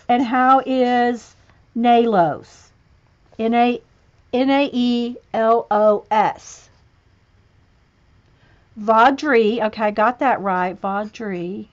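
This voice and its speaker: A woman's voice: fairly high pitch, slow pace. A woman hosting a casual livestream, chatting to viewers as she pages through a coloring book, often chuckling and spelling words aloud. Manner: chatty, chuckling, reads out spellings and checks pronunciations. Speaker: livestream host. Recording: muffled lo-fi livestream audio.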